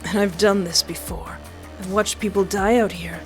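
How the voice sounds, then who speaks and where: A woman voicing a smug, spoiled young male killer in a slow, mocking drawl. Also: mid-range voice, fairly even intonation, soft background music, close to an everyday voice.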